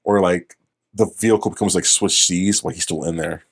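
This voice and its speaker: Low-voiced man rambling through a movie review. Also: fairly even intonation, a little fast, slightly rough. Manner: rambling, swears, self-correcting. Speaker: podcast co-host. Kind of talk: casual movie review chat.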